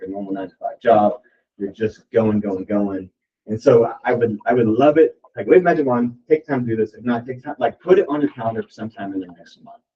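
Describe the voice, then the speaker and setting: A man leading a real estate team meeting, talking casually and rambling with lots of "like" as he encourages his team. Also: on the low side. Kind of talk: motivational talk at a team meeting. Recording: distant, dull lo-fi room recording.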